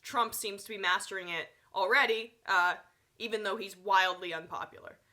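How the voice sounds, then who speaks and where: This woman speaks at a moderate pace with a medium-pitched voice, steady and sharp in tone, and her nose sounds stuffy. She delivers sarcastic, opinionated live political commentary for online news, packed with fillers.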